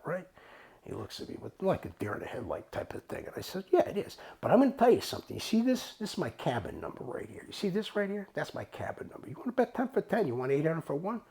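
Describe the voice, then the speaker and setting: Fast and creaky, this man's high-pitched voice carries a casual spoken anecdote full of profanity. He tells it animatedly, playing out both sides of the conversation.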